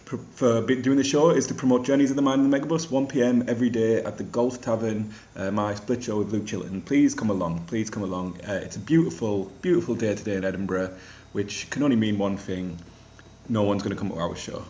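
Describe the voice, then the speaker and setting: Young man, low-pitched, self-deprecating stand-up rambling in an echoey flat; casual vlog delivery. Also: quick pace. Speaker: comedian vlogger. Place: rented flat. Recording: echoey room.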